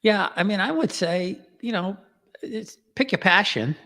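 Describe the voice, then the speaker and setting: A man as a podcast guest in casual chat, relaxed and easygoing, with many pauses and fillers. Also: high-pitched, in a large hall.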